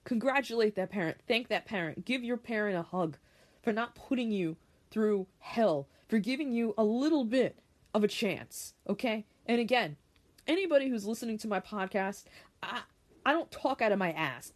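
Reading an article aloud on her solo podcast, a woman reacts in a heated, foul-mouthed rant, going back over her points to drive them home. Her voice is a little high.

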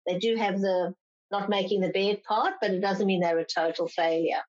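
A woman's voice: medium pitch, steady tone, moderate pace, a little mellow. A woman clinical psychologist answering interview questions, explaining patiently and sometimes acting out parents' complaints in a raised voice. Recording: slightly dull lo-fi sound.

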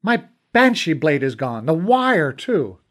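A man voicing a gruff, blunt male companion from a fairy land in an audiobook, grumbling and cursing. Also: on the high side, very animated, takes it slowly. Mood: alarmed. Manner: blunt, grumbling, curses a lot. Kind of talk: audiobook character voice.

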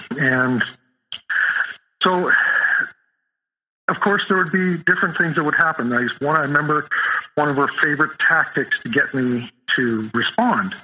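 A man as a podcast guest, telling a personal story in a halting way, with many restarts and fillers. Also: mid-range voice, lo-fi sound.

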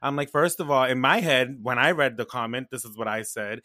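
A man's voice: mid-range voice, fairly quick, few pauses, pushed and bright, dry recording, clean studio sound. A man co-hosting a casual podcast chat, emphatic and sassy, repeating his points. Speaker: co-host.

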